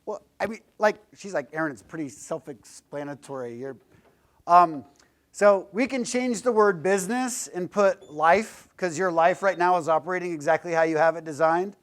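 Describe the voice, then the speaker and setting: Blunt, joking guest speaker, man, fairly high voice, casual classroom talk. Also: normal speed. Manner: joking, blunt, lightly profane storyteller. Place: classroom lecture.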